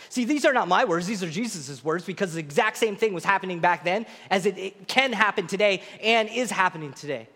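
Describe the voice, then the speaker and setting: High-voiced man preaching in a hall. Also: lively intonation, fairly quick, hardly any pauses, pushed and bright. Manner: earnest, repetitive, emphatic preaching. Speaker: pastor. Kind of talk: sermon.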